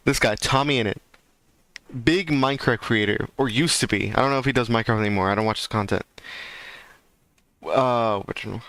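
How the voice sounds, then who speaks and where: A man's voice: mid-range voice, fairly quick, pauses often, a bit bright, dry recording. A man chatting casually on a livestream, rambling and ranting with lots of fillers. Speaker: streamer.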